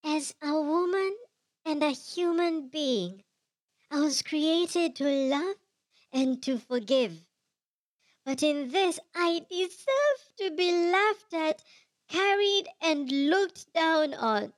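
A man putting on a mocking falsetto voice for a tearful, dramatic woman reading out her own sad post. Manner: mocking falsetto, drawn-out and wailing. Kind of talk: parody reading.

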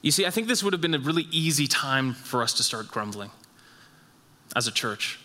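A man's voice: very animated, moderate pace, pushed and bright. Emphatic man preaching in a reverberant hall. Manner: emphatic, repeats phrases, rises in pitch when stressing a point. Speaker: pastor. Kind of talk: sermon.

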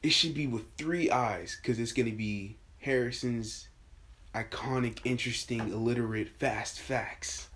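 Goofy podcast guy, rambles, trips over his words, average pitch. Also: measured pace, a bit bright, slightly rough. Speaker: podcast host. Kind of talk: casual podcast chat.

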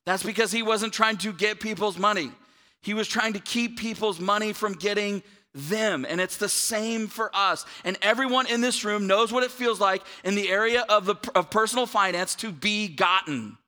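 A man's voice: high-pitched, moderate pace. A man, a pastor giving a conversational sermon to a church audience, often checking in with "right?". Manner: conversational, animated, asks the room "right?".

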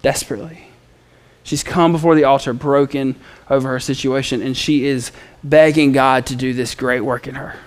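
A man's voice: mid-range voice, fairly even intonation, moderate pace. A man preaching a sermon in a casual, conversational way. He reads scripture aloud and mixes in playful asides and fillers. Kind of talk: expository sermon.

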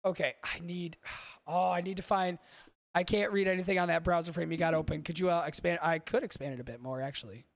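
A man's voice: on the high side, fairly even intonation, a little fast, gravelly, no room sound, studio quality. A man hosting a podcast in casual, rambling chat, swearing freely and talking to his live chat. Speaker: podcast host.

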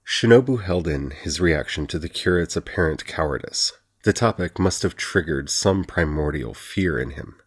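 A man narrates a fantasy novel as an audiobook. His voice sits low and sounds husky. He reads evenly and steadily. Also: animated, moderate pace, few pauses.

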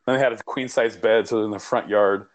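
A man's voice: on the low side, steady tone, brisk. A man co-hosting a podcast, telling rambling, profanity-laced stories in casual chat. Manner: rambling, profane anecdotal storytelling. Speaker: podcast co-host.

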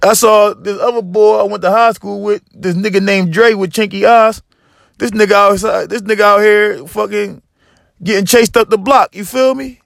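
A man hosting a podcast, telling a profane comedic monologue with lively storytelling, acting out other people and rising to yelling. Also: sits high, normal speed, creaky, no echo, studio quality. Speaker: podcast host.

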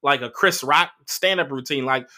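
A man hosting a comedy podcast alone, telling profane relationship stories with animated acted-out quotes. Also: mid-range voice, moderate pace. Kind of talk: casual solo monologue.

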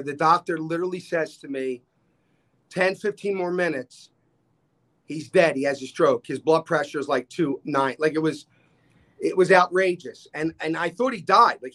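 A man, telling stories as a podcast guest and acting out the people he quotes. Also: fairly high pitch. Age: 60s. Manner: animated storyteller, acts out quoted dialogue. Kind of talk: casual storytelling chat.

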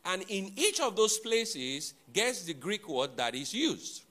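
Male pastor, sermon, slow deliberate delivery, bright tone, repeats key words, jokes with the congregation. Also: high-pitched. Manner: animated preaching with playful asides to the congregation.

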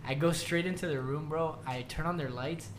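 A man's voice: fairly high pitch, normal speed, slight background noise. A young man co-hosting a podcast, telling stories in a laid-back, swearing, laughing way. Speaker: podcast co-host. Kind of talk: casual chat.

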